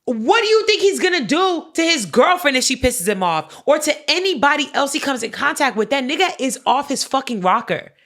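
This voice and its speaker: A woman co-hosting a podcast in casual chat, telling stories with animated energy, heavy slang and swearing, and lots of "like" and "literally.". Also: high-pitched, brisk, hardly any pauses. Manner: fillers "like" and "literally". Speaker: podcast co-host.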